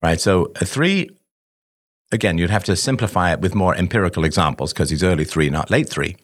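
A man's voice: low voice, lively intonation, a little fast. A man hosting a live call-in show, giving parenting advice in a conversational way, posing rhetorical questions and often asking "right?". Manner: acts out parent-child dialogue. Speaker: host answering a caller.

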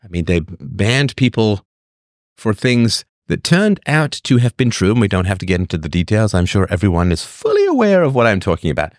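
Animated opinionated man on a livestream. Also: fairly quick, dry recording, studio quality. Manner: opinionated, repeats points, rhetorical questions; animated delivery with lively pitch swings. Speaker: livestream host. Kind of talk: live-stream commentary, reading chat.

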